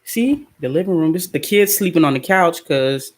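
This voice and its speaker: Filming on a handheld phone camera, this middle-aged woman from the United States gives a tour of her small apartment and vents bluntly in a casual vlog. Her voice sits on the low side at a normal speed, with a little hiss or hum in the recording. She comes across animated, laughing a lot.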